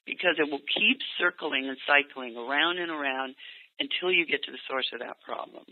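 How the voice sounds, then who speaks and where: A man coaching parents on a call, speaking gently and acting out what parents and teens might say. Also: fairly high pitch, a little fast. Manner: gentle, acts out parent and teen lines in quotes. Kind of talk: coaching session over a call. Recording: tinny phone line, dry.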